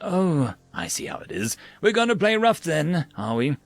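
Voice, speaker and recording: A man's voice: fairly high pitch, huge pitch swings, moderate pace, vocal fry, dry recording, faint music behind, heavily acted. A man voicing a petty, smug male food dispenser machine with stiff, politely formal speech. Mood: prim.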